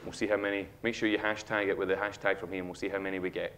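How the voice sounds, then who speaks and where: Lively Scottish man giving a stage talk. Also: low-pitched, very fast, a little hiss or hum. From Scotland. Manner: animated storytelling, acts out a child's lines. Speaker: speaker. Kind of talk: humorous motivational talk. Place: auditorium stage.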